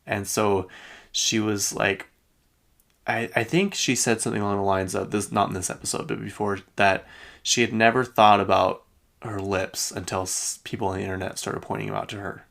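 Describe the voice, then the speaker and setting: A man's voice: on the low side, little pitch movement, normal speed, gravelly, a bit bright. A man hosting a pop-culture podcast, chatting in a rambling, opinionated way with lots of fillers and restarts. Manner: rambling, heavy use of "like" and restarts; opinionated, mildly exasperated. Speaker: podcast host. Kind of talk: casual pop-culture chat.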